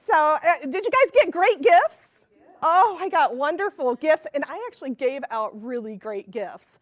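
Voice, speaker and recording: Woman talk-show host, high voice, upbeat joking delivery. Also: expressive, moderate pace, no echo. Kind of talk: comedic show opening.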